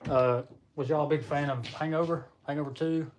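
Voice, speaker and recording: A man's voice: on the high side, steady tone, moderate pace, darkish tone, slight background noise. Chatty man streaming live. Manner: rambling, chatty, laughs often; talks to viewers while reading comments. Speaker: livestream host. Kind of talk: casual live-stream chat.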